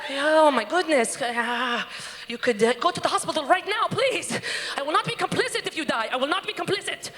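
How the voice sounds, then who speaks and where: A woman's voice: high voice, lively intonation, a little fast, voice pushed up. A woman voicing a frantic, worried father who pleads in a panic, recorded on a live stage. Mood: panicked pleading. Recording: long hall reverb with faint noise.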